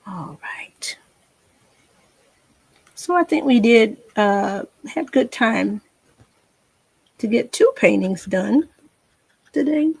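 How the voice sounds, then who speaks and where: A woman talks viewers through a painting tutorial in a slow, unhurried way, chatting to herself as she works. Her voice is gravelly and a touch husky, and the recording is dry and close. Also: fairly high pitch, animated, no room sound. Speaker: painting instructor.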